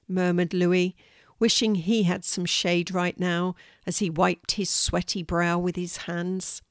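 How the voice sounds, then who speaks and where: An older woman reading a children's story aloud in a clear, measured storytelling voice. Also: on the low side, level tone, dry recording, clean studio sound.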